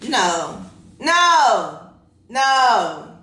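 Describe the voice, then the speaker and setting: A woman in her thirties with a bright, sharp voice, talking off the cuff in a profane and animated way and laughing through her own stories. Her voice rings in an echoey room. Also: fairly high pitch, extremely slow. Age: 30s. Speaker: podcast host. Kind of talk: casual unfiltered monologue.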